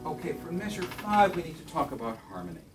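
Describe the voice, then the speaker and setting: A man's voice: fairly high pitch, very animated, fast talker, loud music behind the voice. Distant lecturing man in a roomy classroom. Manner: thoughtful, many fillers and self-corrections. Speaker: music professor. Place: classroom with piano.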